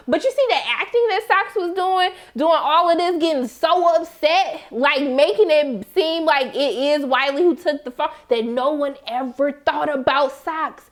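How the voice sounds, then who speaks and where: A woman giving a casual, animated recap of a TV episode, laughing and acting out the characters' lines. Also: high voice, a little slow, few pauses. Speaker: TV recap host.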